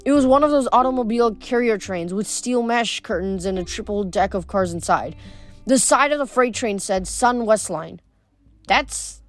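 A woman's voice: medium pitch, dry recording. Woman reading a novel aloud. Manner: plain reading with small stumbles and self-corrections. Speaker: audiobook reader.

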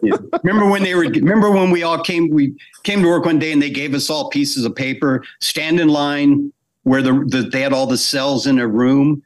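Animated storytelling man, fairly high voice. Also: fairly quick. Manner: animated anecdotes with acted quotes, frequent restarts. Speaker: animator guest. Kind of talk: casual storytelling interview.

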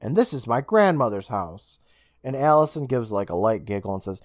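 A man chats casually on a podcast, walking through a TV episode and slipping into quick imitations of the characters. His pitch sits mid-range but swings widely as he gets animated. The sound is dry and close, with no room around it. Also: no echo. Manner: animated, swears, mimics characters while recapping. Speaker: podcast co-host recapping an episode. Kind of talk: casual chat, retelling scenes.

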